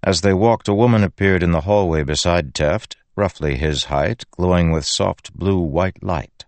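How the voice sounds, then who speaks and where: Brief: male audiobook narrator, measured delivery, low voice. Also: no echo. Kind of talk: scripted narration.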